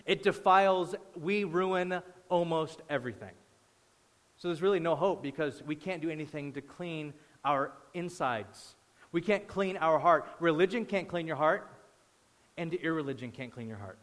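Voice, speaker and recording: A male pastor delivers a sermon in a fairly high voice, animated and playing out the voices of the people in his stories. The sound carries the long reverb of a large hall. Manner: animated, acts out quoted voices and anecdotes.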